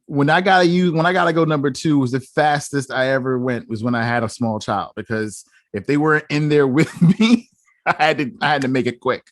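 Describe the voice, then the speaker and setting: A man hosting a podcast, a relaxed interviewer with short agreeing replies in casual chat. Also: mid-range voice, fairly quick, no room sound, studio quality. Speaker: podcast host.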